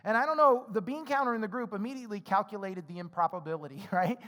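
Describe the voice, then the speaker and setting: A male pastor with a strikingly high, fairly bright voice gives a relaxed, chatty sermon at a quick pace, voicing the characters' lines himself and tossing in "right?" again and again. A long reverb from a big hall trails his words.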